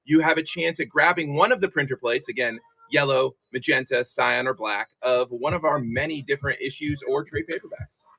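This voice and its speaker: Bright-voiced upbeat male stream host. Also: mid-range voice, brisk, creaky, hardly any pauses, slightly rough, rough recording. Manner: upbeat, chatty, joking banter. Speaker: livestream host. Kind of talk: casual livestream chat.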